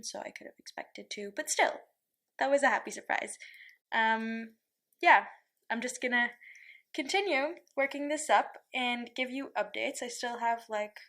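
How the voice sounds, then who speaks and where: A woman chatting about her knitting, gushing and talking quickly in an excited way. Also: on the high side. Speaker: knitting podcaster. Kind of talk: casual chat.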